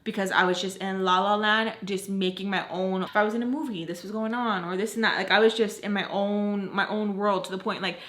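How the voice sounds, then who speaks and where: A young woman telling a personal story in a casual, chatty way, full of "like", with animated retelling. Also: medium pitch, brisk, few pauses. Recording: roomy echo.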